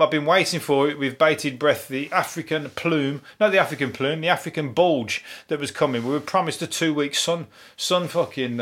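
A man's voice: on the high side, fairly bright tone. Sweary Birmingham-accented man rambling. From England. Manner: rambling, sweary and self-mocking, with laughs and restarts. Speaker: podcast host. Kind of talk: casual solo podcast monologue.

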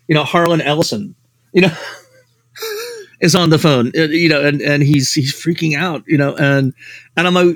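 Male writer-guest, higher-pitched, rambling storyteller. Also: very animated, unhurried, pauses often, fairly bright tone, no room sound. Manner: rambling, heavy on "you know" fillers. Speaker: guest, novelist and screenwriter. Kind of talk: anecdotal podcast storytelling.

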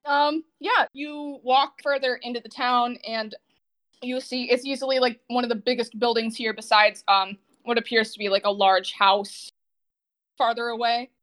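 A woman with a high voice runs a tabletop game as game master. She describes the scene casually, hesitating often with little fillers. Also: fairly even intonation, normal speed, a bit bright, soft background music.

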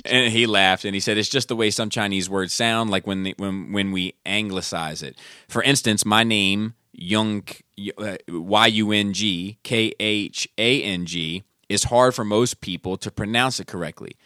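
Low-voiced laid-back podcast guy. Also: expressive, unhurried, bright, forceful tone, no echo, clean studio sound. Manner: laid-back, profane, laughs at his own stories. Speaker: podcast co-host reading listener mail. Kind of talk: casual podcast chat.

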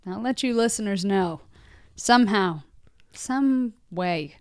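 A woman's voice: mid-range voice, animated, slow pace, clean tone, no echo, clean studio sound. A woman chatting as a podcast guest in a casual, playful way, giggling and breaking into little sing-song bits. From United States. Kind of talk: casual chat. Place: recording studio.

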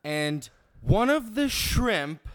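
A man's voice: high-pitched, big pitch swings, drawn-out words, exaggerated voice. A man doing a pushy entitled female diner. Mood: indignant. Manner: interrupting, repeating "no" and "stop it", threatening. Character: entitled demanding female restaurant customer.

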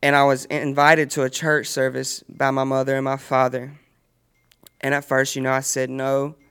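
A man's voice: mid-range voice, monotone, normal speed, fairly bright tone, smooth. A young man telling his personal faith testimony earnestly in a casual chat, often laughing as he speaks. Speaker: guest sharing testimony.

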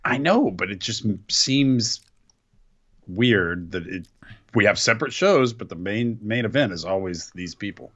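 Wry man with a husky low voice. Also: animated, measured pace, fairly bright tone, lo-fi sound. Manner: dry, wry interjections. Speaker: podcast co-host. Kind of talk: casual chat.

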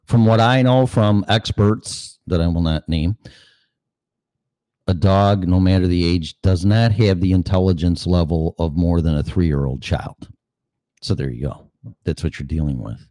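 A man's voice: low voice, a little slow, mellow, dry recording. A man hosting his own show, rambling in a profane, conversational way and asking rhetorical questions. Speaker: show host. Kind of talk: casual rambling monologue.

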